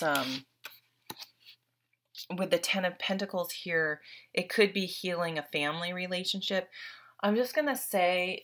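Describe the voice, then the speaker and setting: A young adult tarot reader with a notably low yet fairly bright voice walks her viewers through a card reading. Her delivery is casual and heartfelt, earnest and openly emotional.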